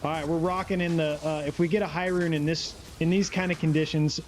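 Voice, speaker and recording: A man's voice: fairly high pitch, fairly even intonation, fairly quick, a little hiss or hum. Laid-back man streaming a game. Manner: laid-back, rambling, reads chat aloud. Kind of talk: casual live-stream chat.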